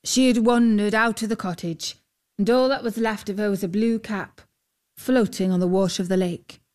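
Storybook old father, gentle and grieving, quick in places, read by a woman. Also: high-pitched, steady tone, lightly acted.

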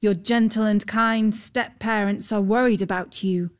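Brief: a woman playing an earnest, courtly knight, slow and formal, for a read-aloud tale. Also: medium pitch, steady tone, smooth, natural voice. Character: brave young male knight, courteous and earnest.

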